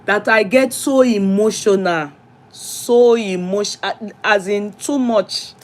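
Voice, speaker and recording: A woman's voice: mid-range voice, slow. A middle-aged woman with a Nigerian accent, hosting a casual live chat, greeting commenters by name and slipping into pidgin. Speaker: livestream host.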